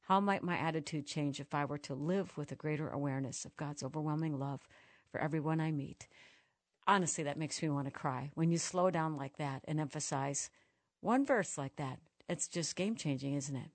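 A woman's voice: low voice, normal speed, no echo. A woman hosting an interview with an author, earnest and enthusiastic as she praises and reads passages. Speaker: radio host.

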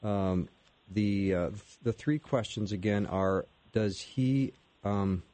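A man hosting a Christian radio show who reviews questions for listeners in a relaxed, easygoing way. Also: lowish voice, slow pace. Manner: relaxed, with brief affirming murmurs. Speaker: radio host.

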